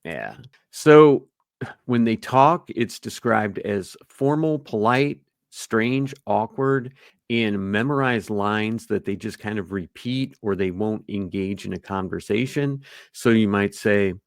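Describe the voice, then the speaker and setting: A man co-hosting a podcast in relaxed, casual chat, now and then acting out quoted lines. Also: lowish voice, takes it slowly, no echo, studio quality. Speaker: podcast co-host.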